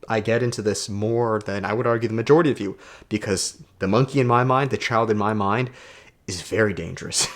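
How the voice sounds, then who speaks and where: Swearing, preachy man with a lowish voice. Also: fairly quick. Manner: emphatic, preachy, swears a lot. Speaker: self-development coach. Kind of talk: casual motivational vlog monologue.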